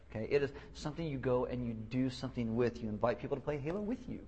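A young male pastor with a voice that sits in the middle, neither high nor low, preaching in a loose and joking way. He stumbles and repeats his words, and he slips into short put-on voices to poke fun at people. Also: darkish tone, lo-fi sound, a little hiss or hum. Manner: joking, self-deprecating, acts out quick voices; halting restarts and repeated words. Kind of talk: casual sermon teaching.

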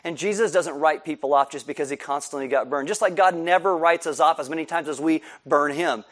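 A pastor with a notably high speaking voice preaches to his congregation a little fast. His sermon is animated and energetic, and he acts out the scenes by giving the people in the story their own voices.

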